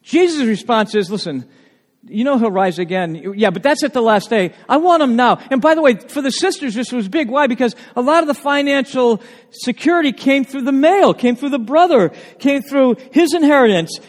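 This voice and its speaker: Preacher, male, high voice, emphatic and dynamic, big reverberant hall. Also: lively intonation, moderate pace. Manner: emphatic, swings from loud to hushed. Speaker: pastor. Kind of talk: sermon.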